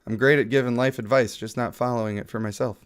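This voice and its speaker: A man's voice: medium pitch, fairly even intonation, fast talker, smooth. A man who is sick, giving casual, playful live-stream commentary on a mobile game and chatting with viewers.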